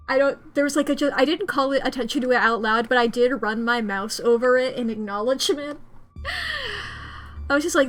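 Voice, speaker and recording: A woman streamer reacting to a game, excitable and gushing, swearing freely. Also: on the high side, unhurried.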